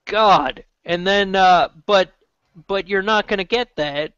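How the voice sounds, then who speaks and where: A Canadian podcast host chats casually about wrestling in a high-pitched, slow voice that is a bit bright, clear and resonant. He rambles, restarts and swears casually, and the recording is dull, lo-fi and dry with no echo.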